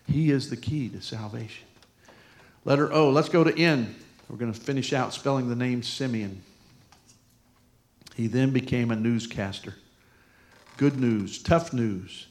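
A man's voice: mid-range voice, moderate pace, pauses often, darkish tone. Folksy middle-aged male pastor preaching. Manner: folksy, with personal stories and jokes. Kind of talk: sermon.

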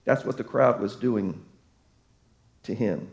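A man's voice: lowish voice, takes it slowly, lo-fi sound. A man preaching a sermon as pastor, emphatic, his voice swelling and dropping to drive points home.

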